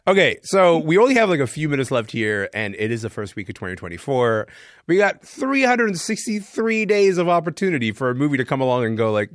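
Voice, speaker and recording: A male podcast host leads a casual culture chat with playful, teasing questions. His voice bounces through a wide, animated range at a middling pitch. The sound is dry and close. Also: fast talker, no echo.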